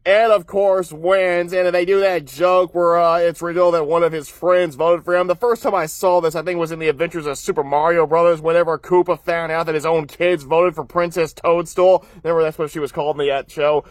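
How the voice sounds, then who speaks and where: A man with a high, light voice recaps a cartoon episode in a relaxed, rambling way, laughing quietly between points. His voice sounds dry and close, with no room echo around it. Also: fairly quick, hardly any pauses. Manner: chuckles often while recapping, upbeat and rambling; frequent filler "uh" and restarts.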